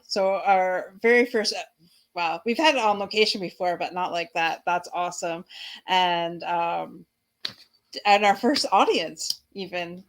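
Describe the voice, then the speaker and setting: A woman hosting a live-streamed chat show, bubbly and giggly, rambling with fillers as she talks to guests and viewers. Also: lowish voice. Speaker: host.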